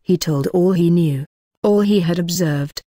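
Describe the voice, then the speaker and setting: A woman narrating a novel as an audiobook in a steady, measured reading. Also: on the low side, dry recording, clean studio sound.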